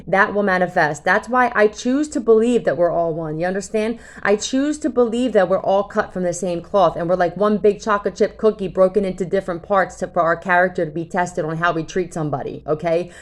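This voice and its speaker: A woman tarot reader with a lowish voice talks casually to camera at a brisk clip, barely pausing. She is blunt, swears freely and keeps checking in with viewers by asking "okay?".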